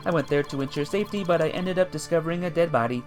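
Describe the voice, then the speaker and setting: A man voicing a stiff, robotic male bomb expert from a courtroom game, in a clipped, halting monotone. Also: fairly high pitch, faint music behind, lightly acted.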